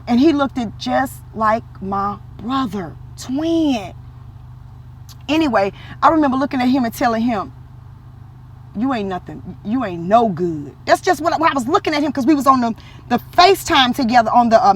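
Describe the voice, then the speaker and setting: A woman vlogger with a high, breathy-edged voice tells a personal faith story in casual vlog talk. She's animated, acting out quotes in a lively voice as she talks about religion.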